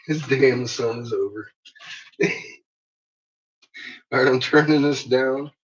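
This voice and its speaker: A man chatting casually to his viewers in a workshop, laughing a lot and swearing freely as he tells animated stories. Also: mid-range voice, slow, long pauses. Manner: laughing, profane, animated storytelling. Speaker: vlogger. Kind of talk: casual chat. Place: workshop with a kiln. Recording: muffled lo-fi recording.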